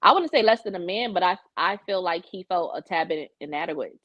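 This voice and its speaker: Fairly quick and animated, with a low-leaning voice and a fairly bright tone, this young woman talks openly about her dating life on a podcast she co-hosts, cursing freely in a casual chat. There's no echo, though the audio is dull and lo-fi.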